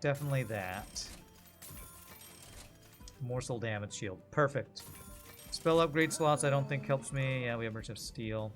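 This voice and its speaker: A man's voice: mid-range voice, moderate pace, pauses often, a bit bright, faint music behind. A man casually commenting on his gameplay while streaming, joking with his chat between moves. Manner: chatty, jokey, talks to chat while playing. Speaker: game streamer.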